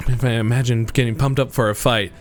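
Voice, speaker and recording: A young man streaming a game live, excitable and giggly as he talks to his chat. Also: medium pitch, fast, soft background music.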